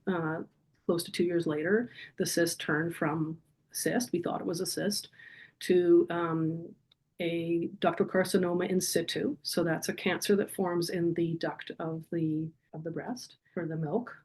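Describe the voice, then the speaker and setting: Guest, middle-aged woman, lower register, earnest and vivid storyteller. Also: steady tone, measured pace, darkish tone. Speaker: podcast guest. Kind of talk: personal storytelling in an interview.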